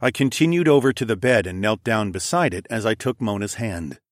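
A man narrating a fantasy novel in the first person, in a measured, steady storytelling manner. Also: fairly low pitch, no echo, studio quality. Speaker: audiobook narrator.

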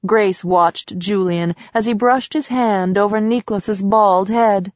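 A woman reading an audiobook as narrator, in a measured way, in a slightly muffled recording. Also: mid-range voice, steady tone, no room sound. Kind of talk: scripted narration.

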